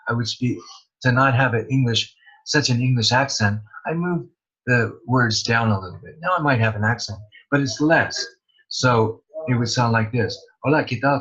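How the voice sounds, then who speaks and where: A man's voice: mid-range voice, fairly bright tone, breathy edge. A man, an English pronunciation teacher, promoting his course in a plain-spoken, step-by-step way. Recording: dull lo-fi recording.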